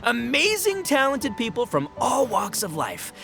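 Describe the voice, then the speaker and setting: Game role: a rowdy bragging gang leader, high bright voice, bouncy delivery, light music behind. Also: male voice, wildly swooping pitch, a little slow, vocal fry, full character voice. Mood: boastful. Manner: boisterous, bragging, laughing, stumbling over fillers. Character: brash boastful young male gang boss. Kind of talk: game voice acting.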